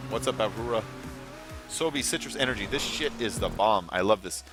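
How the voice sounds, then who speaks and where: A man's voice: on the low side, normal speed, over music. A young man hosting a casual gaming livestream, rambling, swearing freely and answering chat as he plays.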